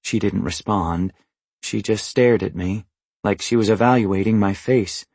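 A man narrating a first-person novel in an even, understated, matter-of-fact way. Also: on the low side, unhurried, husky, no room sound. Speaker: audiobook narrator.

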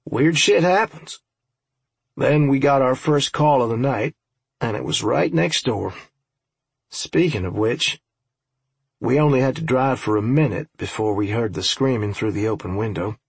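A man with a gravelly, husky voice narrates a first-person audiobook. His delivery is dry and wry, salted with profanity. The sound is close and very dry. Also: medium pitch, normal speed, dry recording.

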